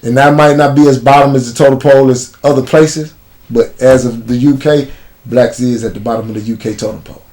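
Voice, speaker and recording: A man's voice: mid-range voice, fairly even intonation, a little fast, a little mellow. A man with a Chicago accent, an interview guest telling stories bluntly in street slang. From United States. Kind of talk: casual interview storytelling.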